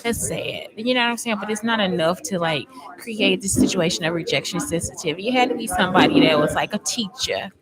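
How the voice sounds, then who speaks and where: A woman's voice: mid-range voice, fairly quick, hardly any pauses, heavy background noise. A woman hosting a casual podcast, chatting loosely and swearing freely as she talks to her listeners. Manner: rambling, profane, chatty with listeners. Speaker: podcast host. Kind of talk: casual livestream podcast chat.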